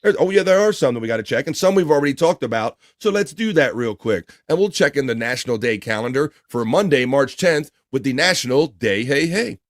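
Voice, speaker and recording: A laid-back man with a Baltimore accent hosts a casual livestream, chatting loosely and reading viewer comments aloud. His voice sits at an ordinary middle pitch and sounds close and dry, with no room echo around it. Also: lively intonation, brisk, few pauses. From Baltimore area, United States. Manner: easygoing, reads viewer comments aloud, laughs easily. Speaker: livestream show host.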